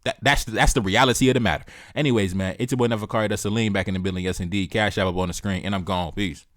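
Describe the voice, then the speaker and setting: A man's voice: fairly low pitch, fairly even intonation, quick pace, a bit bright, no room sound. A man hosting a reaction video, giving heated political commentary in a blunt, profane way and repeating his key points, close to the mic.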